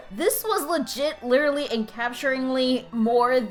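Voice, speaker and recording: A woman with a high voice reads viewer comments aloud. Her delivery is dramatic and emotive, and faint music plays softly behind her. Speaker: channel host reading fan comments.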